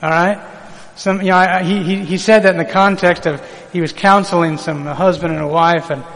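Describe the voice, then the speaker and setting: A man's voice: sits high, steady tone, fairly quick, a bit bright, long reverb tail, poor audio. A man preaching a sermon, reading scripture aloud and drawing call-and-response from the congregation.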